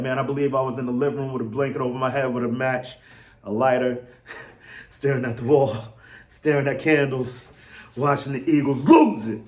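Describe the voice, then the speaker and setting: An excitable man, probably in his thirties, rants to his fans in a casual vlog, going from low mutters to loud outbursts. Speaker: fan channel host. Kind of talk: animated fan rant to camera.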